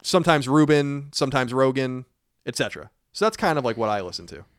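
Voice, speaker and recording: A man hosting a casual podcast, blunt and quick, swearing now and then into a close mic. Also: mid-range voice, animated, no room sound. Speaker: podcast host.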